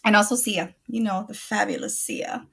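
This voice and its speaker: A woman chatting as a guest on a livestream, pouring out thanks and praise. Her voice has a bright, forward quality at an ordinary pitch. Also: fairly even intonation, normal speed, vocal fry, slightly rough. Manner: effusive, gushing, laughs often. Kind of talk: casual chat.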